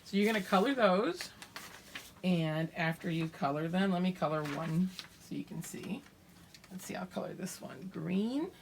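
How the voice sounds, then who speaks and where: A woman's voice: on the low side, animated, moderate pace, gravelly, slight background noise. An older woman teaching young children their letters remotely, patiently sounding out each letter and its sound. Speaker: preschool teacher.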